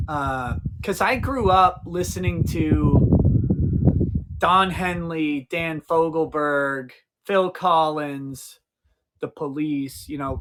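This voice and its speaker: On a casual outdoor stream, a man in his forties talks in a fairly bright voice on the high side, with a little hiss or hum in the audio. Rambling and profane, he keeps answering his chat.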